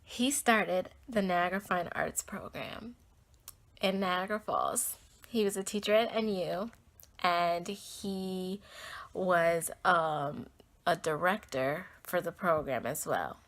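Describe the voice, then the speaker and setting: A woman's voice: fairly low pitch, slow pace, fairly bright tone. Earnest young woman telling a personal story. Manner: earnest, heartfelt, rambling with many "like" and "um". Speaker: podcast host.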